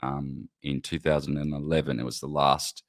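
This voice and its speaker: Male podcast host, very low voice, loose and giggly, swears freely. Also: level tone, moderate pace, dry recording, studio quality. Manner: laughing, swearing, rambling. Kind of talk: casual chat.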